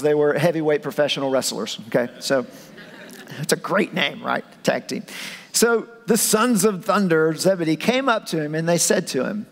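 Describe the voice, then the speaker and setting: Guy preaching, jokey and chatty, reverby church hall. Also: fairly high pitch. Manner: humorous, conversational, acts out scenes. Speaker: pastor. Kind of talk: sermon. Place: church auditorium.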